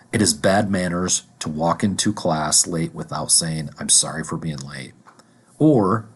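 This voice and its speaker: A man teaching a vocabulary lesson, deliberately repeating each word and its examples. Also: sits low, breathy edge.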